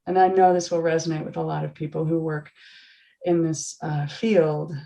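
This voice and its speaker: Her voice sits low and has a creaky quality as this forties-aged yoga teacher relates a story on a video call at normal speed. The telling is earnest and lively, broken up by laughter and restarts.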